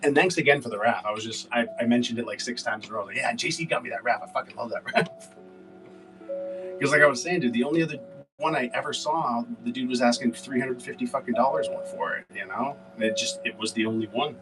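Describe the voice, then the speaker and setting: With a medium-pitched voice and a slightly quick pace, this seller hosts a casual livestream, cursing and rambling with plenty of fillers. Music plays in the background of a rough recording made from a distance.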